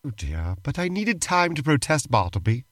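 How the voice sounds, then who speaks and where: A man's voice: fairly high pitch, sing-song, moderate pace, a bit bright, no echo, clean studio sound. A man co-hosting a comedic role-play podcast, fussy, prim and reluctant in his banter, over background music. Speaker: podcast co-host. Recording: music playing behind.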